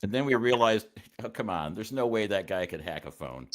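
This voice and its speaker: A man's voice: fairly low pitch, lively intonation, brisk, slight background noise. A man on a live-stream chat, making sardonic remarks with stumbling restarts.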